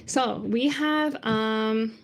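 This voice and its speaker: A woman's voice: on the high side, extremely slow, gravelly, slight background noise. Chatty woman teaching tones online. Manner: chatty, demonstrates tones by singing them out. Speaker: Cantonese teacher. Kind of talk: online language lesson.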